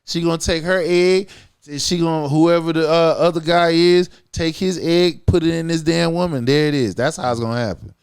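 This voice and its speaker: A blunt man co-hosting a casual podcast, his voice sitting somewhat high for a man. He lays out his opinions emphatically and profanely, and keeps checking that his listener follows him. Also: steady tone, normal speed, clear, resonant tone. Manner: blunt, profane, emphatic, keeps asking "you feel what I'm saying". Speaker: podcast co-host.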